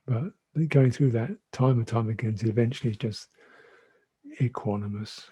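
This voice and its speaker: A man who is a Buddhist monk teacher giving a dhamma talk in a reflective, gentle way, often repeating his phrases. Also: mid-range voice, fairly even intonation, moderate pace, breathy edge. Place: monastery meditation hall.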